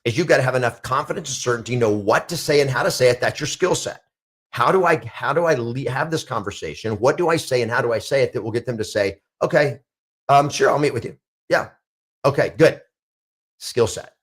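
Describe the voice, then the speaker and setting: A man's voice: medium pitch, fast, a bit bright, breathy edge. A middle-aged man coaching real estate agents in an emphatic motivational talk, repeating declarations with rising intensity.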